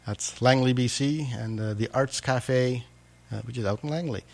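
A man's voice: mid-range voice, normal speed, gravelly, a little mellow. A man hosting a radio interview, speaking hesitantly with many fillers and repeated words. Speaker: radio host.

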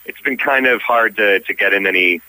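A man's voice: fairly low pitch, moderate pace, bright, forceful tone, rough recording. A young man from Canada, a stage actor, chatting easily as an interview guest. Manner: easygoing, frequent restarts. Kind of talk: casual interview.

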